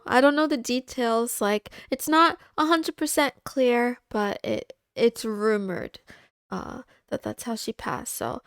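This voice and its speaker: A woman streamer chatting casually on a livestream, halting and confiding, with frequent pauses and restarts. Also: on the high side, fairly bright tone, clean tone, no room sound, clean studio sound. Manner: halting, with many fillers and restarts; candid and confiding.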